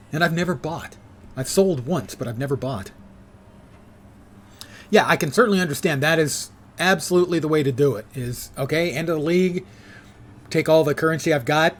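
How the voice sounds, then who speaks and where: A man's voice: fairly high pitch, a little hiss or hum. A man in his sixties streaming a game and chatting casually, with dry, self-mocking asides. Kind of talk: casual live gameplay chat.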